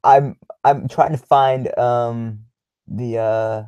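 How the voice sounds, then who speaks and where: A man's voice: mid-range voice, fairly even intonation, extremely slow, mellow, clear, resonant tone, dry recording, highs cut off. A young man hosting a casual livestream, reading chat questions aloud and answering in a rambling, blunt way full of ums and swearing. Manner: rambling, filler-heavy, blunt and profane.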